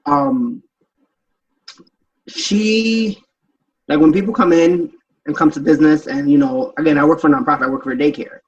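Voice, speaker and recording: Animated man, distant and dull-sounding. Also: on the high side, moderate pace, long pauses. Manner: animated storytelling, acts out quoted voices. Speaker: podcast panelist. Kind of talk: casual group chat.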